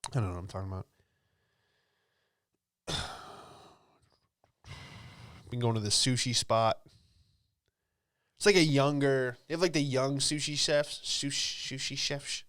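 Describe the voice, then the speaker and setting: A man's voice: medium pitch, measured pace, long pauses, fairly bright tone, dry recording, studio quality. A young man, a comedian, riffing casually through a solo comedy monologue in a rambling, offhand way, with lots of fillers. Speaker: comedian and podcast host.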